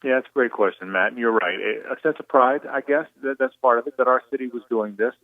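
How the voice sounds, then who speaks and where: A man's voice: mid-range voice, quick pace, no echo. A middle-aged man from Jacksonville, a sports broadcaster talking earnestly and with emotion, repeating words as he goes, calling in by phone. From Jacksonville, Florida. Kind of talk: reflective on-air talk. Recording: tinny phone line, dry.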